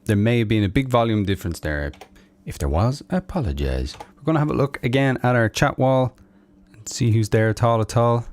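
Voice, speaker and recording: A man's voice: mid-range voice, no echo. A middle-aged Irish man hosting a casual live stream as a musician, greeting viewers by name and chatting between songs.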